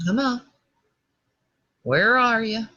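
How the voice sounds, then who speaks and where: A woman with a Minnesota accent drawls slowly through a scattered live hangout, her tone bright and sharp. She keeps breaking off to talk to her children. Her voice comes through a dull, lo-fi video call. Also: a little high, expressive. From American South. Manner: scattered, talks to her children mid-stream. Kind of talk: rambling live hangout monologue.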